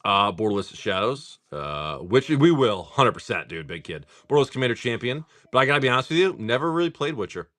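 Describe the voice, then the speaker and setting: A man hosting a live stream, rambling casually, swearing freely, and reading off card names in quick lists. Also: medium pitch, big pitch swings, a bit bright, no echo. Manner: rambling, swears freely, laughs often at chat. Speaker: live-stream host opening card packs.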